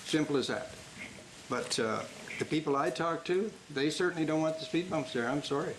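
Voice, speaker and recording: A man's voice: fairly high pitch, normal speed, slight background noise, low-quality recording. An older man, a city councillor, speaking bluntly and plainly in a council debate, with hesitant fillers. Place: council chamber.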